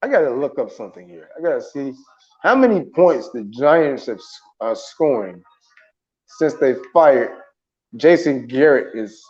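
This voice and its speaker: A man's voice: medium pitch, expressive, unhurried, darkish tone. Laughing, rambling man on a lo-fi stream. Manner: rambling, laughs often, restarts. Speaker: morning show co-host. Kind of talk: casual sports talk.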